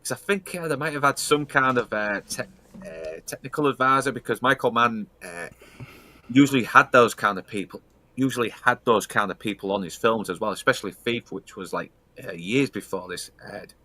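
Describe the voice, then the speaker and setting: A laid-back man hosts a casual podcast, cursing freely and padding his talk with fillers. His voice sits at an ordinary pitch and sounds dry and close, with no room around it. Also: normal speed, sharp tone, no echo. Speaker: podcast host.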